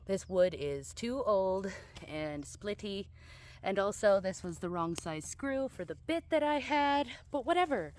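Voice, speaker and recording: A young woman talks her way through yard work in a loose, rambling vlog voice, dropping casual swear words as she goes. She sounds a little out of breath from the work, and her pitch sits right in the middle of the usual range. She is recorded outdoors on a handheld camera. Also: animated, unhurried, slight background noise. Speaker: vlogger. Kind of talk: casual vlog narration while gardening.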